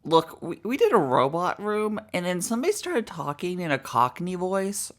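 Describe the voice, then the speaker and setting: A woman hosting a let's play, giving casual, profane, excitable commentary and mimicking characters. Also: lowish voice, moderate pace.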